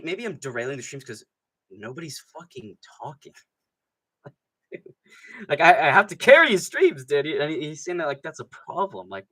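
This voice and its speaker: A man hosting a live fight-night stream, ranting in a rambling, profane, excitable way and often laughing mid-sentence. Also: fairly high pitch, breathy edge. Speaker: MMA streamer host. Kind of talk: live stream commentary, casual rant.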